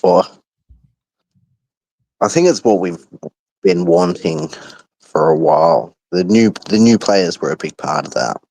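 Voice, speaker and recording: A man calling into a football phone-in from abroad, speaking in a measured way with dry humour. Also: low-pitched, lively intonation, gravelly, a little mellow, rough recording. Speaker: caller. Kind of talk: casual phone-in chat.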